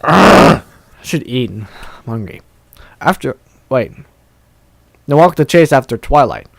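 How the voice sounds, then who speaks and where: A man's voice: medium pitch, lively intonation, unhurried, creaky, dry recording. Young man stumbling through a game's text aloud. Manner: stumbling, self-deprecating. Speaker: let's play host. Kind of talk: reading aloud a text game.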